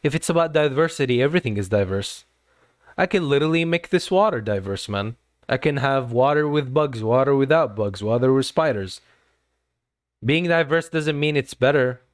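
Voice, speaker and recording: Guy streamer talking to chat, serious and preachy, says stuff twice, crisp dry mic. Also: mid-range voice, expressive, normal speed, no room sound. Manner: earnest, lecturing, repeats words. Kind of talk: casual livestream talk to chat.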